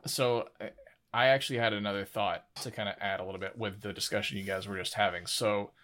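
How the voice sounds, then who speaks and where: A man's voice: on the low side, fairly even intonation, quick pace, fairly bright tone. A man co-hosting a casual podcast discussion, easygoing and rambling, often laughing. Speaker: podcast co-host.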